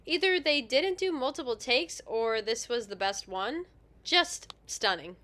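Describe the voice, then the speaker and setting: Woman, podcast co-host, reading a synopsis, dry asides, higher pitch, bright tone. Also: lively intonation, measured pace. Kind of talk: reading a comic episode synopsis.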